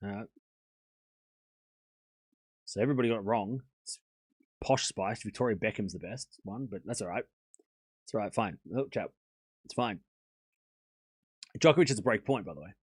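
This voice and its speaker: A man's voice: fairly low pitch, measured pace, long pauses, breathy edge, no echo, clean studio sound. A man hosting a live tennis watchalong stream, mixing casual play-by-play with joking banter and frequent laughs. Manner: chatty, joking, laughs often, argues playfully with chat.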